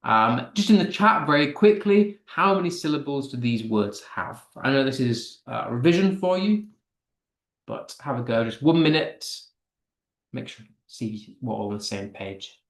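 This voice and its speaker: A man's voice: mid-range voice, expressive, moderate pace, reverberant. A man teaching an online class, reading chat answers aloud and explaining step by step with frequent fillers.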